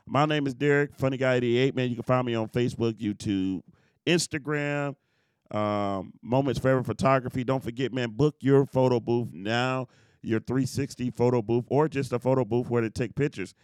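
A man's voice: medium pitch, steady tone, normal speed, darkish tone, clear, resonant tone, dry recording, studio quality. A man hosting a podcast, talking in a laid-back, slangy way as he reads out plugs. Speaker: podcast host. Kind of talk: casual chat.

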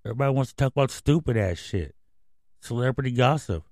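A man's voice: medium pitch, animated, fast talker, a little mellow, no echo, studio quality. A man hosting a comedy radio show, ranting in a profane, rambling, conspiratorial way. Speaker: host. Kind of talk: casual radio rant.

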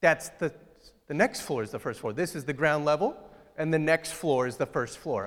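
A man's voice: a little high, animated, normal speed, fairly bright tone, big-room sound. A pastor giving a conversational, joking sermon and asking his congregation questions. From outside Ohio, United States.

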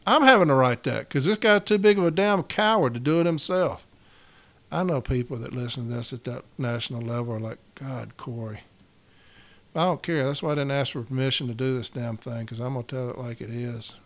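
A man's voice: medium pitch, fairly quick, fairly bright tone. A man, a union steward talking blunt and profane in a casual podcast monologue, getting fired up.

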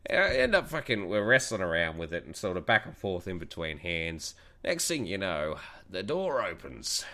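Profane guy, low but lively. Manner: animated, profane storytelling, jumps into high-pitched voices for quoted people. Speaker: podcast co-host. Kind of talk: casual storytelling chat.

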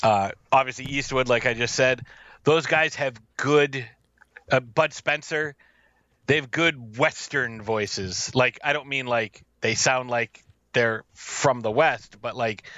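A man's voice: medium pitch, fairly even intonation, takes it slowly, sharp tone, no room sound, highs cut off. A man co-hosting a film podcast, chatting casually and jokingly, rambling with many fillers. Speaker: podcast co-host. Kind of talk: casual film review chat.

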